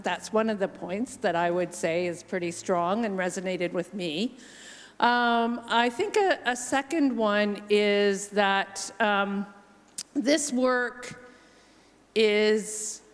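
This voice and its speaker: A woman with a Canadian accent answering on a conference panel, thoughtful and measured with frequent pauses. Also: mid-range voice. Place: large conference hall. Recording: long hall reverb.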